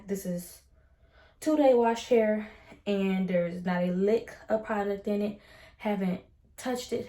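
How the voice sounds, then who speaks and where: A woman's voice: medium pitch, mellow, roomy sound. A woman vlogger talking casually about hair and faith, chatty and upbeat. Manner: chatty and upbeat, uses Southern US slang. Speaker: beauty vlogger. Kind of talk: casual chat with devotional talk. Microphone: ring light setup at home.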